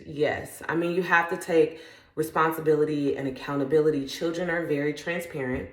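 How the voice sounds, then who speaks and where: Low-voiced mom vlogging, earnest and chatty, lots of "like", roomy echo. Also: female voice, fairly even intonation, brisk. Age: adult parent. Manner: earnest, conversational, often trails into "like". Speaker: self-help vlogger. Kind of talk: reflective faith-based personal talk.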